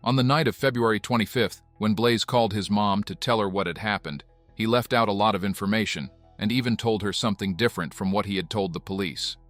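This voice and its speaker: A man narrates a documentary in a steady, measured tone. His voice sits a little low, and his delivery stays even and deliberate. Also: no echo, soft background music. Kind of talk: scripted narration.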